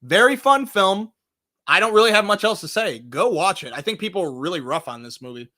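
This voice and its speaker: Host, male, high and bright, very animated delivery, livestream movie countdown. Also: brisk. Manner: excitable, swings between loud bursts and low asides, swears casually. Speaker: movie review show host.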